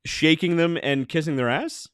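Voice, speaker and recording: A man co-hosting a podcast in casual banter, quick and teasing. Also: on the high side, a bit bright, clear, resonant tone, no room sound, studio quality. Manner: quick, teasing, mock-formal. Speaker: podcast co-host.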